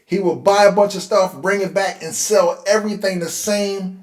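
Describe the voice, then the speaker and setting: A man in his forties from Philadelphia telling a personal life story in a casual, conversational way, getting animated when he relives tense moments. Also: high voice, moderate pace. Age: 40s. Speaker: host. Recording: roomy echo.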